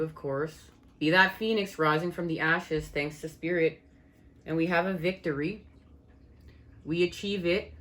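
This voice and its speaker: A woman giving an enthusiastic channeled astrology and tarot reading, talking straight to her viewers as "guys" and repeating her phrases. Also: fairly low pitch. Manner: repetitive, rephrases lines in quick succession. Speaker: tarot reader.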